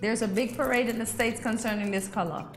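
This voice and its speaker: A woman co-hosting a morning show, playfully giving halting clues in a word-guessing game. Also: on the high side, steady tone. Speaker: co-host. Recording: roomy echo with faint music.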